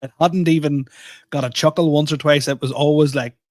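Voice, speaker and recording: A man co-hosting a casual podcast laughs through self-deprecating stand-up stories. His voice sits a little high for a man and is recorded close and dry. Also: fairly even intonation, fairly quick, dry recording. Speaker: podcast co-host and stand-up comedian. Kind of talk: casual chat.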